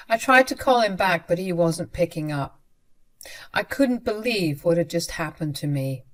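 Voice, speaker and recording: A woman's voice: lowish voice, lively intonation, measured pace. A young adult woman narrating a first-person story in a conversational way, speaking directly to her listeners.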